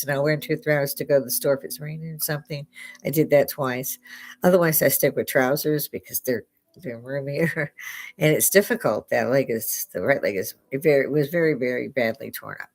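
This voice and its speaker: An older American woman hosting a livestream from her home bar, chatting in a rambling way and laughing often, on a headset mic. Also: deep voice. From United States. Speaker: livestream host. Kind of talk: casual chat. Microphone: headphones with clip-on mic.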